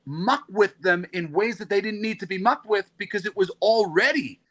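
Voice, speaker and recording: A man's voice: high voice, normal speed, fairly bright tone. A man talking as a panel guest on a video call from outdoors on a mountain, ranting with passion and swearing freely. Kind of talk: casual panel chat.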